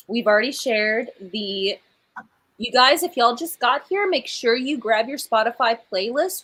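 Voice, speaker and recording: A woman chatting casually to viewers of a livestream. She is the author, laughing often and warmly addressing the audience as "y'all". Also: a little high, breathy edge, poor audio. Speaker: author hosting a live book premiere.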